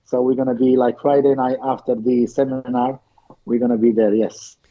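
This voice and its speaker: A man guest on a remote call, telling stories in a casual chat with lively, animated delivery and frequently repeated words. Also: medium pitch, moderate pace. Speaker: guest bodybuilder. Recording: dull lo-fi call audio.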